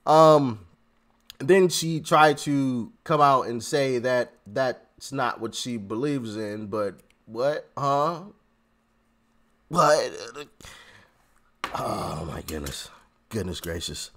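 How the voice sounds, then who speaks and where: A man's voice: mid-range voice, drawn-out words, a bit bright. A man giving casual political commentary on his vlog, laughing often and stammering through repeated restarts. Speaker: commentary vlogger.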